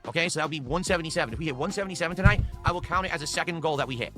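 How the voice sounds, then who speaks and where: A man talks quickly to his viewers in a somewhat high voice, begging again and again for donations. His speech is rushed and insistent. Game music plays clearly behind him. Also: sharp tone. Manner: pleading, repetitive asking for support. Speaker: streamer in a played clip. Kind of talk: live stream talk to chat.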